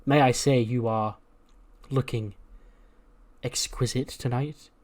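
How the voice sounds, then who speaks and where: A man voicing a flirty, smooth-talking male wrestler who purrs playful foreign phrases. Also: mid-range voice, steady tone, slow, a little mellow, natural voice.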